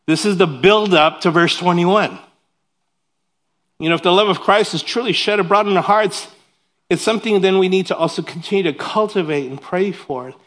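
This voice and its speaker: Male pastor, higher register, animated conversational preacher who talks straight to the congregation. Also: normal speed. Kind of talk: sermon.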